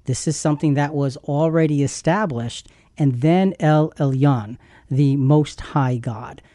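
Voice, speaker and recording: A man's voice: fairly high pitch, unhurried, warm tone, dry recording, clean studio sound. Emphatic man teaching scripture. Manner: emphatic, repeats words as he thinks. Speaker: Bible teacher. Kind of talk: Christian teaching podcast.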